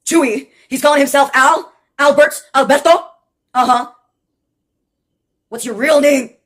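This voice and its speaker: A woman's voice: high-pitched, a little slow, pauses often. A woman in her late twenties telling a rambling, profane personal story with sardonic asides and laughs mid-sentence. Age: late 20s.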